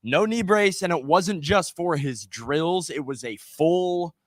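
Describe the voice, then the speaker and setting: A man co-hosting a sports talk show, breaking down football plays in a measured, casual way. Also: a little high, animated, dry recording, studio quality. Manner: measured, analytical, uses "I mean" and "you know". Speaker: sports podcast co-host.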